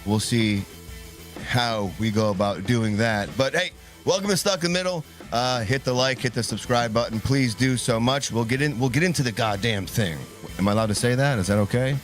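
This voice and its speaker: A man's voice: medium pitch, lively intonation, normal speed, soft background music. A man co-hosting a live call-in show, chatting casually in a rambling, joking way with many restarts.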